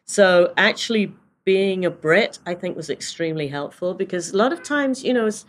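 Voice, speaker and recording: A British woman in her sixties tells her stories in a loose, chatty way, leaning on fillers as she goes. Her voice sits at a middling pitch. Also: expressive, normal speed. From England. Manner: chatty storyteller with many fillers and laughs. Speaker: photographer guest. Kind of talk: casual anecdotal interview.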